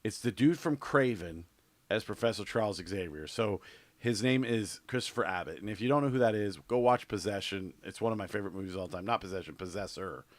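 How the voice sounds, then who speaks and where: Low-voiced rambling man, dry close sound. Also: fairly quick, dry recording. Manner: rambling, offhand, many fillers and restarts. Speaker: podcast co-host. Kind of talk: casual chat.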